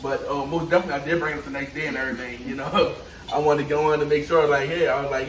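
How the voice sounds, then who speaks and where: A young man with a New Orleans accent chats in a loose, rambling way and packs in "you know" and "and everything" at a quick clip. He sits a little back from the mic in an echoey room. A faint hiss runs under him. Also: medium pitch, fairly even intonation. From New Orleans, Louisiana. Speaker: boyfriend of the vlogger, cameraman. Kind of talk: casual storytelling chat. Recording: roomy and a bit distant, faint hiss.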